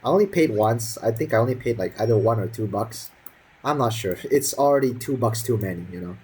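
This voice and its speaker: A man's voice: medium pitch, lively intonation, fairly quick, darkish tone, slight background noise, poor audio. A young man in his teens telling a school story as a casual, profane, sarcastic rant full of fillers.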